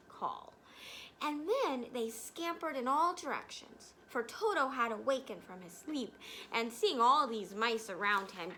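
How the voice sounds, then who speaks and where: A woman reading a storybook aloud with an expressive manner, pausing to explain words. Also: fairly high pitch, slight background noise. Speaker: reader.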